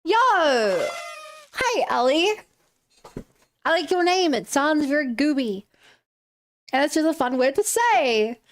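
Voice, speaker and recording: Brief: a young woman streamer with a high voice, casual and rambling, full of "um"s as she chats. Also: expressive, normal speed. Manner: chatty and rambling, greets viewers, many "um"s and restarts. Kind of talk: casual live-stream chat while drawing and rigging.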